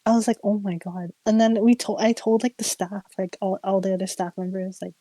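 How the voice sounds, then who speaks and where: A young woman streamer casually telling a ghost story, animated and giggly, full of "like" fillers. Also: medium pitch, fairly quick, no echo, poor audio. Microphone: streaming mic.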